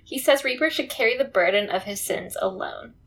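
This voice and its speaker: Laughing woman with a higher voice. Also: fairly quick, slightly rough. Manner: relaxed storytelling with frequent laughs. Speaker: podcast co-host. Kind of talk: casual chat recapping a TV drama.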